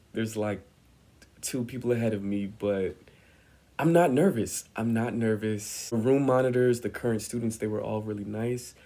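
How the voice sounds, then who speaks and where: A man's voice: on the low side, gravelly, warm tone. A young man telling a personal story in a vlog, acting out the voices of the people he quotes with lots of energy. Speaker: vlogger.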